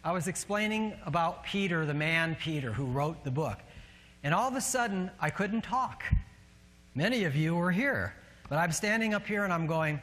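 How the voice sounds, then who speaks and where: A man with a northern US accent preaches from the pulpit, his voice a little higher than most men's. He tells a story with easy, self-mocking humor. The sound carries the long reverb of a large church hall. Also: animated, moderate pace, fairly bright tone. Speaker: pastor. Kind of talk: sermon. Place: church sanctuary.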